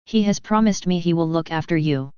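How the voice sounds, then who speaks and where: A woman's voice: on the low side, brisk, mellow, clear, resonant tone, no echo, close to an everyday voice. A woman reading the lines of a cheerful, affectionate elderly male postmaster in an audiobook, with a hearty, coaxing manner. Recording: dull lo-fi.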